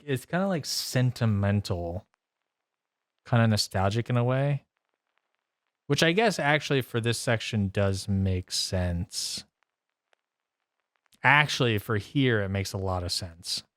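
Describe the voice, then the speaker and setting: A man's voice: lowish voice, expressive, slow, long pauses, a bit bright, no echo, studio quality. A man streaming a songwriting session, chatting casually in a rambling, self-interrupting way with frequent laughs. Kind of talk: casual chat while playing guitar. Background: guitar playing.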